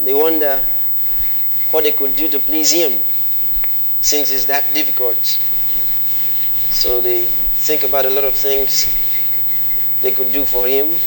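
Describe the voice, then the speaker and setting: Preacher questioning his congregation in a reverberant hall. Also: medium pitch. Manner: questions the congregation, repetitive and emphatic. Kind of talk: sermon. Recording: long hall reverb, faint noise.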